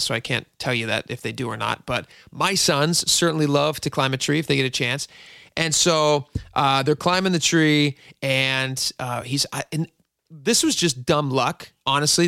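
A man's voice: mid-range voice, gravelly, bright, forceful tone, no echo, studio quality. A middle-aged man hosting a radio show, telling a long rambling story with many asides. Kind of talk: casual talk radio monologue.

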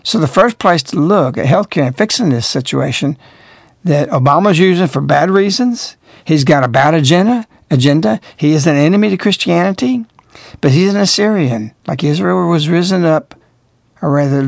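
A man's voice: a little high, fairly quick, gravelly, no echo, studio quality. A man hosting a radio talk show, delivering emphatic, moralizing commentary full of rhetorical questions.

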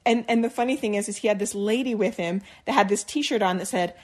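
A podcast co-host chats casually and tells a story, animated and laughing often as she acts out quotes. She's a young woman with a mid-range voice and a fast pace.

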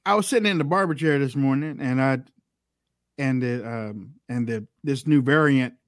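A man's voice: mid-range voice, moderate pace, no room sound, studio quality. A man co-hosting a political talk show, arguing emphatically and repeating his points. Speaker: co-host.

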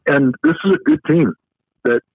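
A man's voice: on the high side, wildly swooping pitch, moderate pace, husky, no room sound. A man co-hosting a sports podcast, giving an emphatic, detailed breakdown of a game. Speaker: co-host. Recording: tinny phone-line sound.

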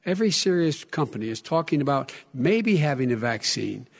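Man in his 70s, live debate, halting restarts, pointed, slightly high-pitched. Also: big pitch swings, creaky. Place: debate stage in a hall.

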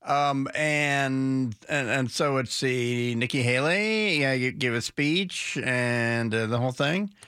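A man hosting a talk radio show who rambles in opinionated banter, halting and restarting often. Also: mid-range voice, sharp tone, clear, resonant tone, no room sound, clean studio sound.

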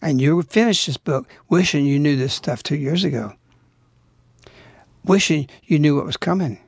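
A man's voice: fairly high pitch, lively intonation, normal speed, gravelly, slightly rough, dry recording, studio quality. A man hosting a religious radio show, preaching urgently and pleading with his listeners. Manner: urgent, exhorting, rising to pleading outbursts. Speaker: radio host.

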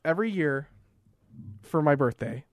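A man's voice: on the high side, a little slow, no room sound, studio quality. A man in his twenties from Canada, co-hosting a podcast in a casual, joking chat. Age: 20s. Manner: joking, animated storytelling. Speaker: podcast co-host.

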